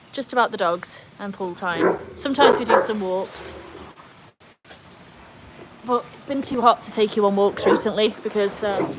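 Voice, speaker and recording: A woman chats casually on a livestream in her backyard by the pool, reading viewer comments and joking about herself. Her voice sits at a middle pitch. There is no external mic, only a phone, and a faint outdoor hiss hangs underneath. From North Wales. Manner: chatty, self-deprecating, walks around the yard. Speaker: livestream host.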